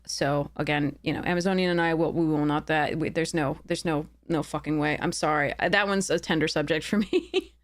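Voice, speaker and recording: A woman game streamer chatting live with her viewers, earnest and heated, often stopping to apologize. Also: lowish voice.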